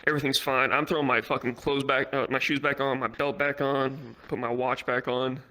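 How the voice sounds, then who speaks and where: A man's voice: medium pitch, a little fast. A young man telling a rambling, profane story at a virtual reality comedy club. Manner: rambling, heavy swearing, animated.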